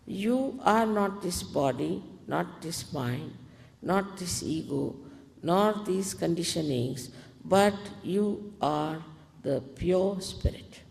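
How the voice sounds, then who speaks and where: A woman spiritual teacher giving calm, deliberate guided meditation instructions to an audience, in an archival recording. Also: lowish voice, gravelly. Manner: calm, deliberate, gently commanding. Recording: archival talk in a reverberant hall.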